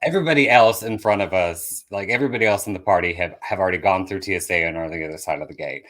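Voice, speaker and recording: A man, a comedian guest on a podcast, telling a story in an animated way that builds to loud bursts. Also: sits low, very fast.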